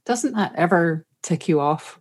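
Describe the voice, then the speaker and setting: A woman's voice: lowish voice, lively intonation, measured pace, darkish tone. A woman hosting a podcast, asking curious, probing questions of her guest. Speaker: podcast host. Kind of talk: podcast interview.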